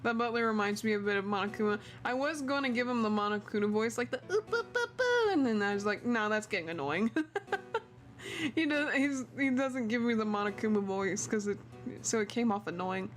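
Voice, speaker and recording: A woman's voice: mid-range voice, a little fast, faint music behind. A woman streamer giving chatty, giggly commentary while playing a game. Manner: giggly, chatty, laughs often.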